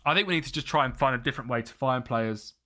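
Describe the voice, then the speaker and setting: A man's voice: medium pitch, fast, pushed and bright. A young British man chatting casually on a live gaming stream, muttering to himself and laughing often.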